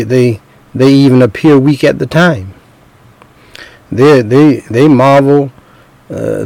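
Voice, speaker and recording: Slow gravelly preacher man, dry sound. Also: dark tone, no room sound, low-quality recording. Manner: emotional, tearful at times, repeats words, rises in pitch when stirred. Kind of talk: sermon.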